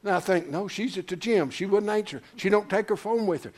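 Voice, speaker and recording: An older man preaching a sermon, telling a folksy story and swinging from low murmurs to loud high exclamations. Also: brisk, hardly any pauses. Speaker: pastor.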